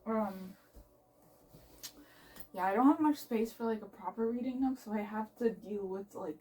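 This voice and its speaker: A young woman book vlogger chatting casually from her bed, gushing excitedly about a book with lots of fillers. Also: mid-range voice, moderate pace. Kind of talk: casual reading vlog chat. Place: bedroom reading nook. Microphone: phone camera. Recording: voice from a distance.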